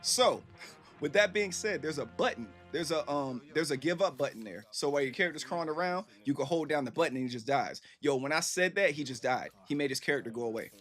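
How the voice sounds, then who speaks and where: A man and gaming streamer telling stories to viewers in a casual, animated, profane way. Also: fairly high pitch, quick pace, soft background music. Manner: animated, profane, acts out quoted voices.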